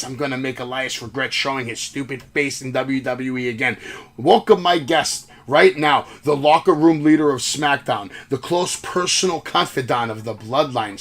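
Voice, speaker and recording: A man hosting a wrestling podcast, recapping matches in casual, excitable talk full of swearing and acted-out quotes. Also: medium pitch, creaky. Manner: profane, excitable, acts out quotes.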